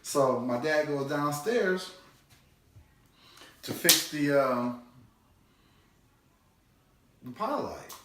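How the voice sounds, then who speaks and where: A man telling a comic family story, animated and loose, now and then shouting quoted lines in a high voice. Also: extremely slow, pauses often, noisy background. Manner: animated, shouts his dad's cussing in a high voice. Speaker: comedian. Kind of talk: storytelling stand-up. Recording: echoey room, distant mic.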